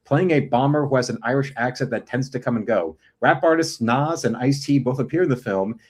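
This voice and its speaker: A man's voice: medium pitch, darkish tone. Man joking and reading a review aloud. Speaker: host of an art stream. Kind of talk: casual stream commentary and reading aloud.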